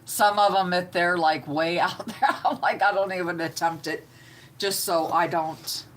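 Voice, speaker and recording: A middle-aged woman, hosting a live stream with slow, homey chatter and greeting viewers by name. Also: fairly low pitch, steady tone, a little hiss or hum. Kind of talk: casual live-stream chat.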